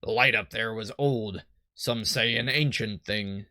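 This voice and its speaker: A man voicing a gruff, weathered male harbor captain in a rough pirate-style put-on voice, reading game dialogue aloud. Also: fairly low pitch, unhurried, bright, forceful tone, no room sound, clean studio sound, heavily acted.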